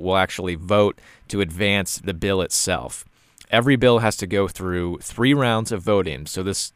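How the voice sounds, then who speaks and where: Deep-voiced man with a dry, clear voice. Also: fairly bright tone, dry recording. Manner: frequent "uh" fillers and repeated words. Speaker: podcast host. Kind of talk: casual commentary.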